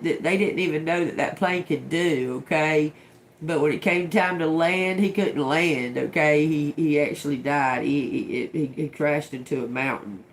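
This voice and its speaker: A middle-aged woman with a fairly low voice gives a casual, profane tarot reading on a livestream, with a little hiss or hum in the background. She mutters single words as they come to her and giggles often.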